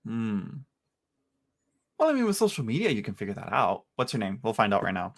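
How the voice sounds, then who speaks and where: A man giving casual live tarot readings to viewers from home, chatty and halting, with frequent restarts and filler words. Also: on the low side, huge pitch swings, gravelly. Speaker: tarot reader.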